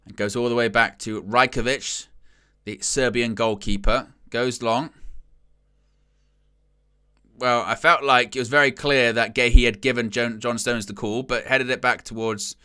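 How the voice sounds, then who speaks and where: Male watchalong commentator, bright edge, casual and wry, loud bursts at chances. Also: mid-range voice, fairly even intonation, a little slow, clean tone. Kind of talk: casual live match commentary.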